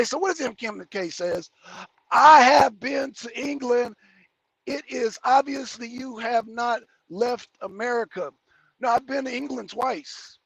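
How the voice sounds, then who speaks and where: A man's voice: sits high, creaky, husky. A man who drives trucks, chatting casually and rambling through viewer comments while he drives. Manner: rambling, joking, answers chat comments between driving remarks. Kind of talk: casual livestream chat while driving. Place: cab of a heavy truck on the road.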